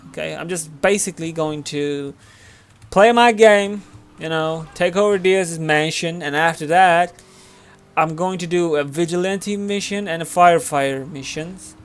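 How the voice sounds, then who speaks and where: A man's voice: fairly high pitch, clear, resonant tone. A man from Turkey speaking English with a Turkish accent, giving rambling casual commentary over his gameplay, full of fillers. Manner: rambling, filler-heavy, chatty. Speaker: gaming channel host.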